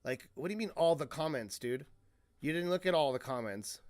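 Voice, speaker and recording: A man's voice: fairly high pitch, animated, a little fast, a little mellow, dry recording, studio quality. A man giving casual reaction commentary as a streamer, rambling, cutting himself off mid-sentence and swearing freely.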